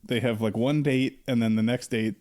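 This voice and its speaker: A man co-hosting a casual movie podcast. His pitch sits in the ordinary middle for a man. He laughs often and slips into quick put-on voices for the characters as he tells the story. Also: steady tone, a little mellow. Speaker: podcast co-host.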